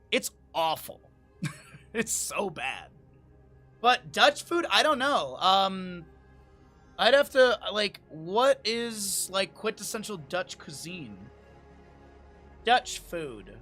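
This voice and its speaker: A man's voice: high voice, very animated, takes it slowly, pauses often, bright, forceful tone, soft background music. A man streaming, chatting casually with his chat, laughing often and reading aloud from a menu. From Lake Tahoe area, United States.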